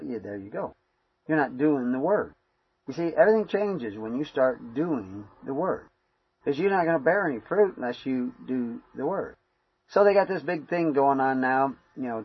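A man's voice: mid-range voice, slightly rough, muffled recording. A man giving a rambling, conversational sermon full of fillers. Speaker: preacher. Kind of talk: informal sermon.

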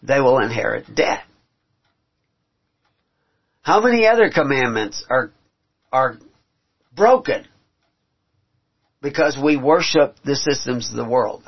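Heard on a dull lo-fi recording, this man has a medium-pitched voice with a breathy edge. He reads scripture and expounds on it in earnest, climbing to emphatic high points and stopping to restart haltingly as he preaches.

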